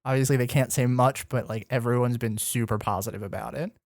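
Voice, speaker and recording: A man's voice: mid-range voice, steady tone, fairly quick, vocal fry, dry recording, clean studio sound. A man co-hosting a podcast, running through the news in an easygoing, casual way with plenty of ums and likes. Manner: easygoing, filler-heavy news rundown. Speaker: podcast co-host. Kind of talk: casual chat.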